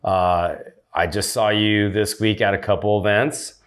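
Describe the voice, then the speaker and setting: A man hosting a faith podcast, talking loudly and with enthusiasm in a casual chat. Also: on the low side, steady tone, measured pace. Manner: loud, upbeat and enthusiastic. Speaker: podcast host.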